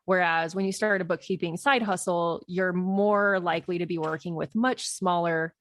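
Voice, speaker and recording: A woman's voice: on the low side, steady tone, moderate pace, no echo. A woman podcast host giving casual, conversational business advice in a Q&A episode, laughing easily. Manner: conversational, laughs often, advisory.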